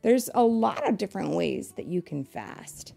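A woman reading a picture book aloud to children, pausing to ask them questions and explain things. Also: medium pitch, very animated, gravelly. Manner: asks listeners questions, warm explanatory asides.

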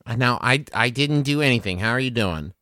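A man voicing a calm, menacing young woman with fire magic in a tabletop game, using a West Virginia drawl and slow, quiet threats. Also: medium pitch, no echo, clean studio sound. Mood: falsely soothing.

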